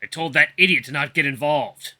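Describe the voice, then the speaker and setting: A man voicing a gruff, menacing male wolf butcher who snarls and scolds harshly. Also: on the high side, a little fast, sharp tone. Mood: angry snarling.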